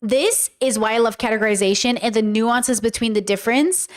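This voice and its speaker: A high-voiced woman, a YouTuber and podcast host, reacts to viewer comments in a casual commentary video. She rambles animatedly and fairly quickly, packed with fillers, often slipping into playful mimicked voices.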